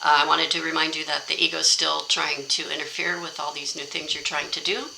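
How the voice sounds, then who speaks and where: A woman's voice: deep voice, little pitch movement, fairly quick, gravelly, sharp tone, a little hiss or hum, rough recording. A middle-aged woman teaching a self-help course in a casual, candid and encouraging way. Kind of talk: casual instructional talk.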